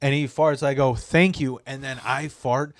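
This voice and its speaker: A man's voice: mid-range voice, fairly even intonation, moderate pace, no echo. Man, Chicago-area podcast guest, rambling profane storyteller, dry close sound. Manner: profane, rambling with many restarts. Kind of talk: casual storytelling.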